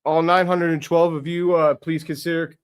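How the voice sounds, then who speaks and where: A young man hosting a sports podcast, reacting live with euphoric, profane excitement and lots of repetition. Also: fairly high pitch, normal speed, clean tone. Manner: euphoric, swearing, repeating himself.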